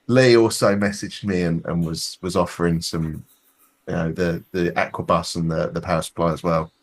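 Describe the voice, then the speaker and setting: A Scottish man with a low, husky voice chats with friends on a hobby podcast. He talks freely, restarts his sentences often and swears without a second thought. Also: fairly even intonation, moderate pace. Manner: chatty, swears casually, frequent restarts. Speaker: podcast co-host. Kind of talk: casual chat.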